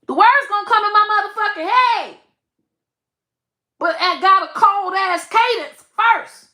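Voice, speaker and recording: Slow-talking bright-voiced woman, blunt profane rant. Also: very high-pitched. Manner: blunt, profane, animated, trails off and restarts. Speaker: online comedian and commentator. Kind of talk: casual profane rant to camera. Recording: echoey room.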